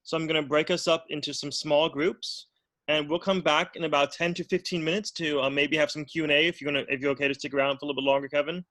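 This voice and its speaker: A man with a bright, fairly high voice runs an online discussion in a relaxed, friendly way. He fills the gaps with ums and uhs, and his audio sounds close and dry. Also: quick pace, no echo. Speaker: discussion moderator. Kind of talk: casual hosting. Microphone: video call.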